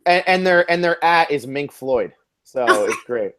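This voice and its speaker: A man's voice: a little high, animated, a little slow, a bit bright, clean tone. Man co-hosting, reading out listener questions. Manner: reads listener questions aloud. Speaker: podcast co-host. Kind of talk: casual interview chat.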